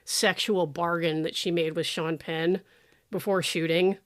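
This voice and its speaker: A woman's voice: on the low side, steady tone, a little slow. A woman co-hosting a podcast, chatting casually and sarcastically about a movie, with many fillers. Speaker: podcast co-host. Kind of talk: casual movie-review chat.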